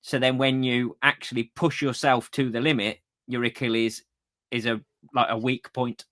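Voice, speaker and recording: A man's voice: medium pitch, little pitch movement, normal speed, fairly bright tone. A man co-hosting a running podcast, easygoing and agreeable, reading listener comments. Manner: easygoing, agreeable, frequent yeahs. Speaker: podcast co-host.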